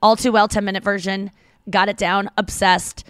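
A woman hosting a podcast in casual chat, rambling and excitable, with crude jokes and easy laughs, on a close microphone. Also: medium pitch, normal speed, clear, resonant tone, no room sound. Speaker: podcast host.

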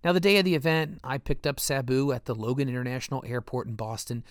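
A man reading a first-person memoir in a steady storytelling manner. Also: medium pitch, quick pace, no room sound, clean studio sound. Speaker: narrator.

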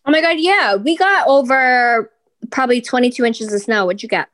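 Woman, co-host, lively and blunt, swears a lot, slightly high voice. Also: normal speed. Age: adult mother of school-age kids. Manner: animated and blunt, swears freely. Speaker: podcast co-host. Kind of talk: casual chat.

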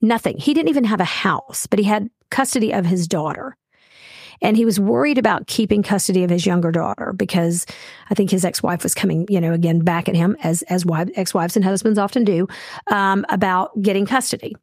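A woman's voice: mid-range voice, fairly quick, a little mellow, slightly rough, dry recording, clean studio sound. A woman co-hosting a podcast, talking in a chatty, heartfelt way with plenty of fillers. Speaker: podcast co-host. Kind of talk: casual chat.

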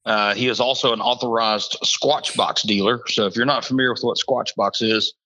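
An upbeat man talking as a podcast guest, joking and plugging sponsors. His voice is bright and forceful, and he talks like a salesman. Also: medium pitch, steady tone, normal speed, highs cut off. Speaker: podcast guest, off-road racing team. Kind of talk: casual podcast chat with sponsor shout-outs.

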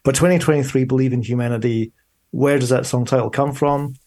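A man's voice: medium pitch, steady tone, brisk, darkish tone. A man, talking enthusiastically as a podcast guest. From Scotland. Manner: enthusiastic, promotional. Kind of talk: conversational interview.

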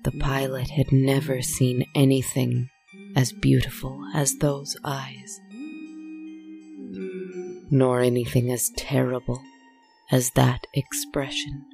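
A storyteller reading a dark tale in a slow, solemn, measured way. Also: mid-range voice, little pitch movement, vocal fry, soft background music. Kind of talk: scripted story narration.

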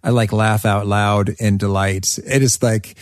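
A man's voice: fairly low pitch, measured pace, dry recording, studio quality. A man hosting a casual podcast conversation, telling stories with enthusiasm. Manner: enthusiastic, animated storytelling. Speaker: podcast host.

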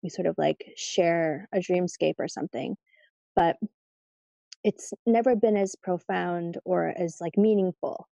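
A woman guest telling stories in a casual interview, chatty and lively when she quotes her family. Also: fairly low pitch, measured pace, creaky, no echo. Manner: chatty, animated when quoting family, laughs easily.

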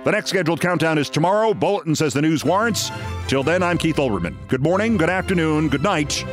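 A man's voice: on the high side, animated, fast talker, soft background music. A middle-aged man hosting a news commentary show, delivering a scripted monologue in an emphatic, sardonic way. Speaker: host.

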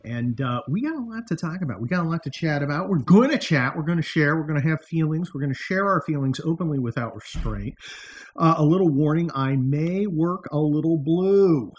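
A man's voice: fairly high pitch, expressive, brisk. A middle-aged man hosting a podcast from a room in his house, talking in a wry, sarcastic monologue with mocking asides. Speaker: podcast host. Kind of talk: casual political monologue.

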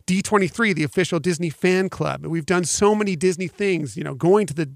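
A man's voice: high-pitched, a little fast, gravelly, no echo, clean studio sound. A man co-hosting a podcast, talking sentimentally and rambling with many ums. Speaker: podcast co-host. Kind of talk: casual podcast chat.

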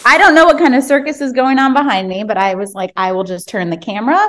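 A woman's voice: mid-range voice, quick pace, few pauses, fairly bright tone. Woman, podcast co-host, casual chat, wry, recorded at home. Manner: wry, joking. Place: home, noisy household.

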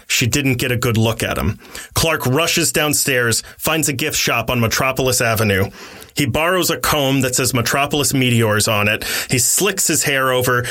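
Bright-voiced man retelling a story. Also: medium pitch. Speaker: podcast host.

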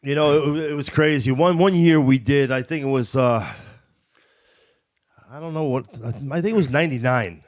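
A man in casual chat who tells a story in a plain way, stopping often to search for words. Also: mid-range voice. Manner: plain-spoken, halting, many fillers.

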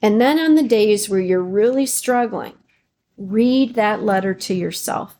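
Woman, podcast host, encouraging self-help talk, gravelly fry, rhetorical questions, mid pitch. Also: measured pace, warm tone. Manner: fillers and restarts, emotional at times.

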